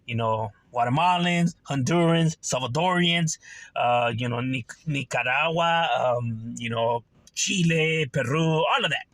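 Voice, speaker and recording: A man's voice: mid-range voice, a little slow, fairly bright tone, no room sound. Streetwise man, dry sound. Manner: streetwise slang, frequent "you know" and "right". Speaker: channel host. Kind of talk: casual monologue to camera.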